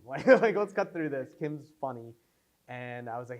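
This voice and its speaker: Young guy after a screening, chatty, rambly, lots of likes, middle pitch. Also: brisk. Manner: rambling, animated storytelling with many fillers. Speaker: filmmaker at Q&A. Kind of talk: casual post-screening Q&A.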